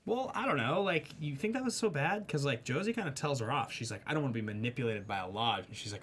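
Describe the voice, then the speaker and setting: A male host in casual chat about a TV episode, rambling with many fillers and lively retellings. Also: medium pitch, quick pace, few pauses, breathy edge. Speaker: show host. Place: studio.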